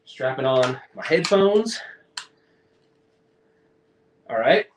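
A man's voice: mid-range voice, expressive, a little slow, noisy background. Rambling man in his forties, livestreaming. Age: 40s. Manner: rambling, upbeat, trails off and restarts. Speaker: livestream host. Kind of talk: casual livestream chat.

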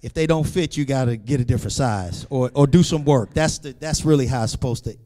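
A male pastor delivering a sermon in a middle-pitched voice. He swings from hushed, almost whispered lines to loud, ringing declarations, with a sing-song lift on key phrases. His pitch sits neither high nor low. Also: fairly quick. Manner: preaching with big swings from soft to loud.

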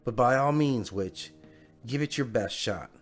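A man's voice: medium pitch, a little slow, faint music behind, lightly acted. Jeannie, a purring taunting genie, as a man puts her on. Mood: menacing. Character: taunting female genie, smug and menacing.

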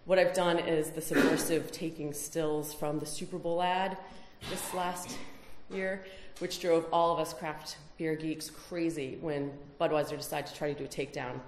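A woman's voice: low-pitched, steady tone, normal speed, hardly any pauses, reverberant, slight background noise. A woman giving a conference talk, emphatic, with rhetorical questions. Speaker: conference speaker. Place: conference hall.

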